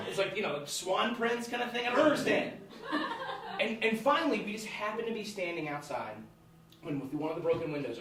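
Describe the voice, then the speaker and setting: A man's voice: high voice, fairly bright tone. A young man in his twenties telling a personal story live on a theatre stage, laughing through it and restarting sentences as he goes. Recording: echoey hall from far off, noisy.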